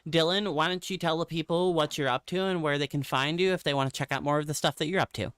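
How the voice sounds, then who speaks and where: A man's voice: a little high, fairly even intonation, fast talker, fairly bright tone, smooth, no room sound, clean studio sound. A man hosting a casual podcast, politely steering the talk and thanking his guests. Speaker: podcast host.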